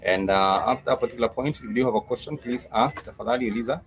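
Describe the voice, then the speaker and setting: A man teaching a Swahili lesson online, patiently repeating words and drilling them slowly, with plenty of fillers and restarts. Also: medium pitch, rough recording.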